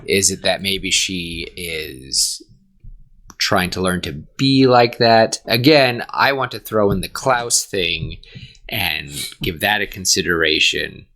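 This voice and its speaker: A man co-hosting a podcast in casual comedic chat, animated and rambling. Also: sits low, takes it slowly. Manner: animated, rambling, laughs often. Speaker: podcast co-host.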